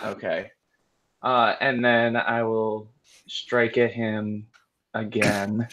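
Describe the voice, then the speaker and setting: A man's voice: on the low side, flat delivery, extremely slow, a bit bright. A man playing a tabletop game, asking about the rules and adding up his damage. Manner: asks rules questions, tallies numbers. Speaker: player. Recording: dull lo-fi mic.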